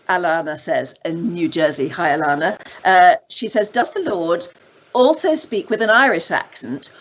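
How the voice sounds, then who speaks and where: Female interview host, expressive delivery, reads viewer questions. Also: medium pitch, a little hiss or hum. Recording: dull lo-fi audio.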